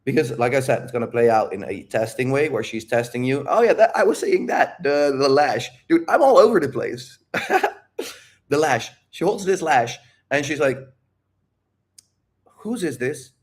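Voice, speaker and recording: A man's voice: mid-range voice, normal speed. A man coaching on dating in a live Q&A, talking casually with lots of swearing, tangents and self-interruptions. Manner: profane, animated, rambling with self-interruptions. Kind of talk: casual livestream talk.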